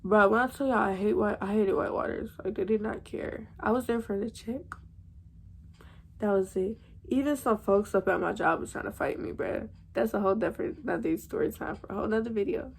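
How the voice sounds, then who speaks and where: A woman's voice: mid-range voice, brisk, gravelly, husky. A young woman, telling a storytime vlog to her viewers in a slangy, chatty way. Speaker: vlogger.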